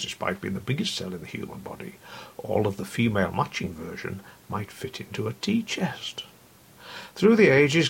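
Gravelly low-voiced male storyteller. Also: a bit bright, slight background noise. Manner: wry, intimate, often drops to a whisper. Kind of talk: first-person literary narration.

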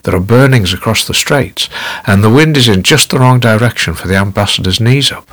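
A man voicing a wife with a soft Australian accent who teases her husband acidly. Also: fairly low pitch, fairly quick, pitched above the performer's own voice. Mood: chiding. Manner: acidly teasing. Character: wife, soft-spoken dry-witted woman.

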